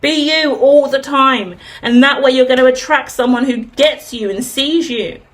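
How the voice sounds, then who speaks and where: A woman's voice: sits high, moderate pace. A woman in her thirties giving a candid, chatty tarot reading, asking herself rhetorical questions and swearing freely. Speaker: tarot reader. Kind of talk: casual tarot reading monologue.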